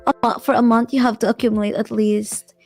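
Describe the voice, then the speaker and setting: A woman's voice: fairly high pitch, level tone, quick pace, gravelly, darkish tone, faint music behind. A young woman guest on an interview show, chatting casually, laughing often and hesitating with fillers. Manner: giggly, hesitant, lots of fillers.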